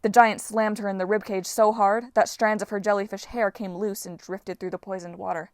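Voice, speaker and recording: A woman narrates a novel aloud in a steady storytelling voice. Her pitch sits in a middle range, and the recording is dry and close with no room echo. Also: a little fast. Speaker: audiobook reader. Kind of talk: fan audiobook narration.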